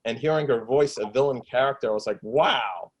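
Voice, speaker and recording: A man chatting from home into a desktop mic, eager and rambling, mid-pitched. He piles up fillers and restarts as he gushes. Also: brisk, husky, rough recording. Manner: enthusiastic, rambling, lots of fillers. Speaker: actor and filmmaker. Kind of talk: casual video interview. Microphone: desktop USB microphone with pop shield.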